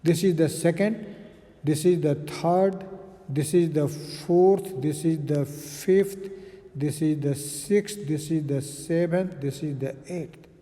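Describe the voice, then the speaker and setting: A man's voice: on the high side, takes it slowly, mellow, big-room sound. A man giving a recorded physics lecture, explaining step by step with frequent fillers and "okay".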